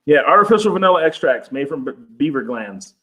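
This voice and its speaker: A man in casual podcast chat, an animated storyteller who swears freely and acts out quotes in raised voices. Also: on the high side, fairly quick, rough recording.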